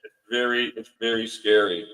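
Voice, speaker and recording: A man, a podcast guest, telling a frightening story in a halting way, often repeating words. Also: fairly low pitch, bright, forceful tone, slight background noise, low-quality recording.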